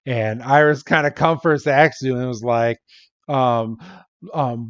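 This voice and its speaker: A man's voice: medium pitch, dry recording. Male podcast co-host, casual recap, slightly muffled, dry close sound. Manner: animated retelling with quick impressions of characters. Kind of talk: casual episode recap chat.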